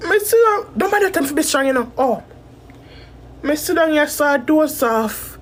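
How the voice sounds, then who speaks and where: A woman's voice: high-pitched, expressive, normal speed. A Jamaican woman talking straight to her viewers in a rambling, emotional rant full of swearing. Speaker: content creator. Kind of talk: casual talk to camera.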